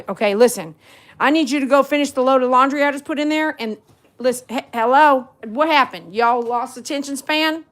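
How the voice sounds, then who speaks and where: A woman at home chatting playfully with her dogs, scolding them and laughing often. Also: on the high side. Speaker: vlogger, dog groomer. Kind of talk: casual talk to her dogs. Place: at home indoors.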